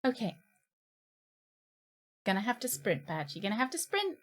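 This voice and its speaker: A woman's voice: a little high, sing-song, moderate pace, long pauses. A woman streaming a horror game live, talking to herself and her chat with nervous, jittery laughter.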